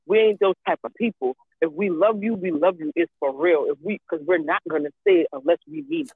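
A woman's voice: on the low side, fairly quick, breathy edge, no room sound. A woman in casual chat who talks emphatically, repeats herself, and swears freely. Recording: tinny phone-like line.

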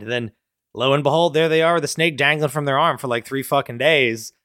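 Profane, animated man with a dry voice. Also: on the high side, normal speed, no room sound. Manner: animated, profane, acts out characters' lines. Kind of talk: casual brainstorming chat.

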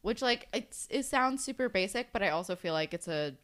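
A woman's voice: mid-range voice, animated, a little fast, a bit bright. A woman co-hosting a podcast in casual chat, thoughtfully picking apart the characters. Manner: reflective, analyses the characters. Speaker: podcast co-host recapping a TV episode.

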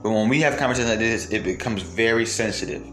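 A man's voice: lowish voice, fast talker, a bit bright, a little hiss or hum. A man delivering a heated, profane monologue to his viewers, firing off rhetorical questions. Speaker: commentator. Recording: roomy echo, faint music behind.

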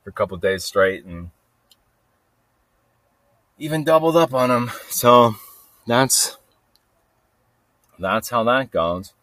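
A man hosting a podcast, telling a story in a rambling, restless way that swings from low mutters to sudden loud bursts. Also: animated, slow, pauses often, no echo. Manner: rambling, restless, talks to himself with lots of "like" and "freaking". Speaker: podcast host. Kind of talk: casual storytelling monologue.

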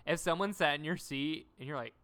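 A woman co-hosting a podcast, chatting casually about a TV episode and acting out lines in quick impressions. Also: deep voice, clear, resonant tone. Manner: animated, acts out character lines in quick impressions. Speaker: podcast co-host. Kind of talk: casual chat recapping a TV episode.

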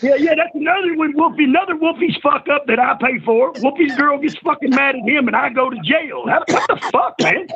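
A man telling wild stories in a profane, animated way, acting out what people said. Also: very high voice, a little fast, vocal fry, few pauses, highs cut off. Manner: profane, animated, acts out quotes. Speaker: guest telling old wrestling stories. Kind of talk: casual storytelling.

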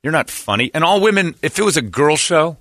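A man's voice: a little high, brisk, no room sound, studio quality. A man hosting a radio show, telling a story casually and acting out the voices of the people in it. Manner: animated storyteller who acts out quoted voices. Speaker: radio host.

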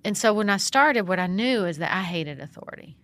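A middle-aged woman who founded a nonprofit and serves as a priest speaks as a guest in a conversational interview. Her voice is medium-pitched and a little fast, and she tells stories in an animated, expressive way, acting out what people said.

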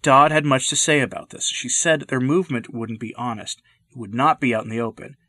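A man delivering scripted commentary narration in a measured, deliberate way. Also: mid-range voice, steady tone, bright, forceful tone, dry recording, studio quality.

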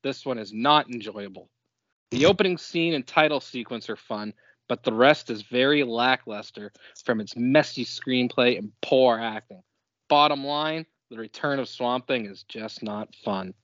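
A man's voice: medium pitch, a little slow, fairly bright tone, no room sound, lo-fi sound. A man co-hosting a casual movie podcast, reading reviews in an easygoing tone. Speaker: podcast co-host.

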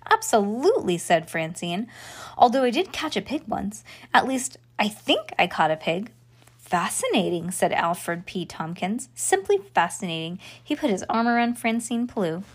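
A woman reads a children's book aloud for a podcast, her voice sitting a little on the high side. She slips into playful character voices and breaks off for chatty, joking asides. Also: sing-song, normal speed, breathy edge. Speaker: podcast host reading aloud.

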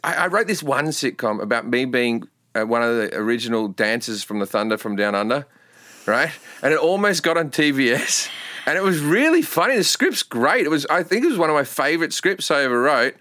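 Animated Australian man, bright voice. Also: mid-range voice, fairly quick, no echo, clean studio sound. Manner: animated storytelling, swearing, acting out crowd shouts. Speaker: guest comedian. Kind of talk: casual podcast chat.

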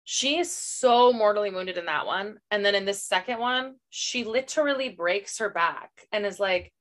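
A woman's voice: a little high, moderate pace, fairly bright tone. A woman co-hosting a casual book club podcast, blunt and sarcastic, swearing freely as she gives her opinions. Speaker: podcast co-host.

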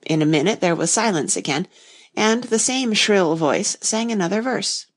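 Woman reading a storybook aloud, gravelly. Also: medium pitch, animated, normal speed. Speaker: narrator.

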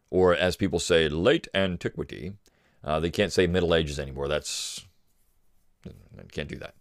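A man's voice: low-pitched, no echo, clean studio sound. A man hosting his own podcast, talking casually and rambling with many fillers and restarts. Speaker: podcast host. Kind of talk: casual solo commentary.

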